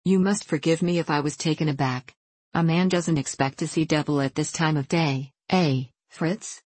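A woman's voice: deep voice, fairly even intonation, moderate pace, darkish tone, no room sound. A woman reading the lines of a jovial, merry young king in a hearty, laughing manner.

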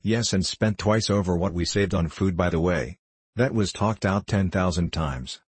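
A man voicing a sharp-tongued farmer's wife in an audiobook, scolding as she talks. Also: low-pitched, moderate pace, slightly rough, no room sound.

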